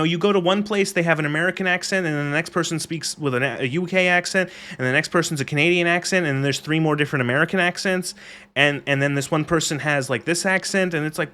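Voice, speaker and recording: A man's voice: fairly high pitch, a little fast, bright, forceful tone. Rambling, profane male game streamer. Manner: rambling, profane, reads chat aloud. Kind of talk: casual ranting commentary on a live stream.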